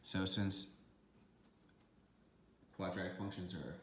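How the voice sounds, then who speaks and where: A man's voice: low-pitched, fairly even intonation, slow pace, a bit bright, slight background noise. A man teaching a recorded math lesson, walking through each step methodically and checking in with "okay" along the way.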